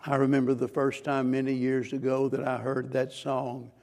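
Gravelly preaching pastor, man. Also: medium pitch, monotone, normal speed. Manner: earnest, questioning, preaching with sudden loud emphasis. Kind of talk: sermon.

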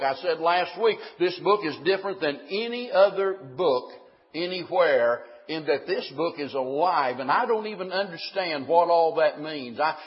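A man's voice: on the high side, long reverb tail, dull audio. A man preaching a sermon, emphatic, putting questions to the congregation and answering them himself.

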